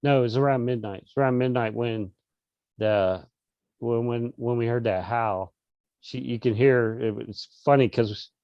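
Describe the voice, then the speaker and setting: Low-voiced man telling a rambling story. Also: darkish tone, dry recording, lo-fi sound. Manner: rambling, many restarts and fillers. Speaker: interview guest. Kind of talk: casual storytelling.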